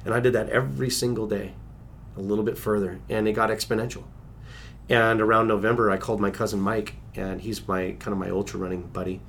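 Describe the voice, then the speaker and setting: A man's voice: on the low side, steady tone, a little fast, creaky, fairly bright tone, a little hiss or hum. A middle-aged man recounting a personal story as an interview guest, earnest, with restarts and acted-out quotes.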